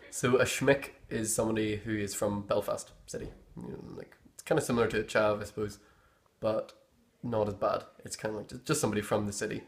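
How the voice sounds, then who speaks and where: Speaking in a lowish, steady, creaky voice at a brisk clip, a young man from Northern Ireland walks through his area's slang. His explanation is casual and meandering, and he often gropes for words, his Northern Irish accent clear throughout.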